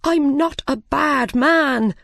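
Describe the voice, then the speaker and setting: A woman's voice: high-pitched, slow pace, gravelly, a bit bright, dry recording, studio quality, voice pushed up, full character voice. A woman doing a nervous storybook hatter. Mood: anxious. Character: nervous male hat-seller, fearful.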